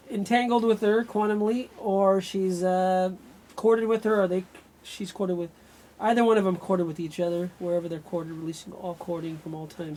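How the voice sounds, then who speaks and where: A man's voice: high-pitched, dark tone. A man working as an energy healer, thinking aloud and breaking off mid-sentence as he runs a live remote healing session. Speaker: radio show host.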